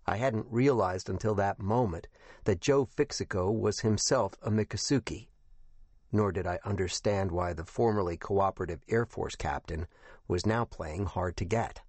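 A man with a fairly low voice reads a first-person novel in a measured, even manner. The recording is close and dry, with no room sound. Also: no room sound. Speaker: audiobook narrator. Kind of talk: first-person scripted narration.

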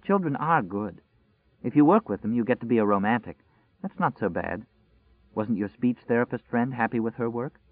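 A man reading a wistful, guarded woman schoolteacher in her late thirties, speaking softly in a restrained way. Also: mid-range voice, lively intonation, moderate pace, husky, no room sound. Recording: dry, tinny phone-like sound.

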